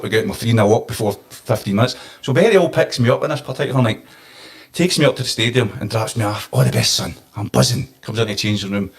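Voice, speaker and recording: A Scottish man, a former football manager, telling an animated story on a podcast. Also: lowish voice. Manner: animated anecdote-telling, gets emotional.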